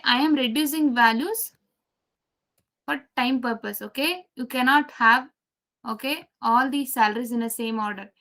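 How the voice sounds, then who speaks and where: A woman's voice: sits high, a bit bright. A woman teaching a live programming class, repeating key steps and quizzing her students as she goes. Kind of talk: live coding lesson.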